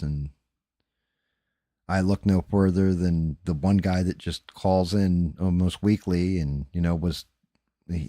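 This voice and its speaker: A man with a New Jersey accent, hosting a casual live stream while painting, talking fast, rambling and swearing. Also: sits low, mellow, dry recording, clean studio sound. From New Jersey, USA.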